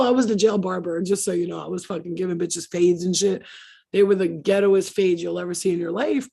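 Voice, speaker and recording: Middle-aged woman, husky gravelly voice, profane laughing livestream storyteller. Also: lowish voice, a little mellow. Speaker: livestream host.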